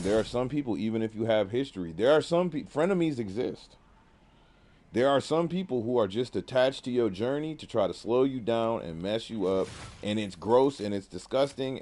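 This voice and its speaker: A man talking casually while playing a video game, telling a fable and musing on life in relaxed slang. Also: on the low side, normal speed. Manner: laid-back, slangy, reflective. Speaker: gaming streamer. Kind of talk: casual gameplay commentary with storytelling.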